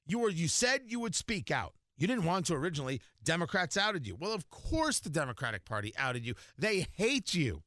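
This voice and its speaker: Animated, sarcastic male radio host. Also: fairly high pitch, brisk, few pauses, no echo, studio quality. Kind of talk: opinionated talk radio commentary.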